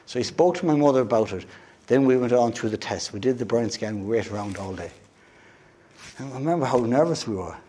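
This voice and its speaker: An Irish man giving a motivational talk as a guest speaker, telling a personal story in an animated way and acting out the voices of the people in it. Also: mid-range voice, fairly quick, slight background noise. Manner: animated storyteller who acts out quoted voices. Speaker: guest speaker at a wellness event.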